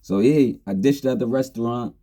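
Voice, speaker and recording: A man's voice: mid-range voice, normal speed, mellow. A middle-aged man casually telling a story from his younger days, laid-back and slangy, laughing often. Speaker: storyteller host.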